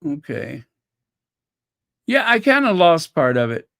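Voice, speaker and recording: A woman's voice: low voice, very animated, slow, creaky, a bit bright, dry recording, studio quality. A woman hosting a fan channel livestream, chatting casually, thinking aloud and reading out viewer comments. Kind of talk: casual chat reacting to clips and viewer comments.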